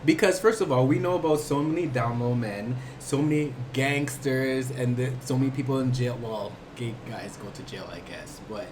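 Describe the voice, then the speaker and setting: A young man chats as a podcast guest, telling animated stories and arguing his point. His voice sits at a middling pitch. A steady layer of background noise runs under the recording. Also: moderate pace, few pauses. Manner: animated storyteller, pushes back in debate. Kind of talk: casual chat.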